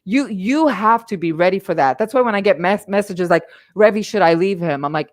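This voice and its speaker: A woman's voice: mid-range voice, expressive, brisk, few pauses. Passionate, emphatic middle-aged woman. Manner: passionate, emphatic, repeats words. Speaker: life coach and livestream host. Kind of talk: live-streamed motivational talk.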